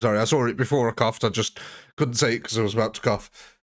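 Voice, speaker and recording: A man hosts a live game stream in a relaxed, chatty way. He jokes and answers viewers one by one by name. His voice sits at an ordinary middle pitch. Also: fast talker. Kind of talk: live gameplay commentary answering chat.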